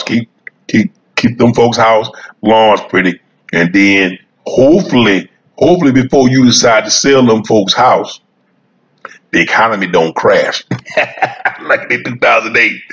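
Folksy guy chatting to his viewers over a cigar outside, rambly and repetitive, laughs a lot, average pitch, kinda dull lo-fi sound. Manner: folksy, repetitive, chuckling, talks straight to viewers. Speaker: cigar vlogger. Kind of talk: casual rambling monologue. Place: sitting outdoors smoking a cigar.

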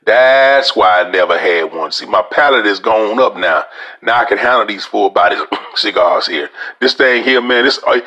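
Folksy man, bright voice. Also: medium pitch. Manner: folksy, drawling, addresses listeners as y'all. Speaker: podcast host. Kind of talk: casual cigar review.

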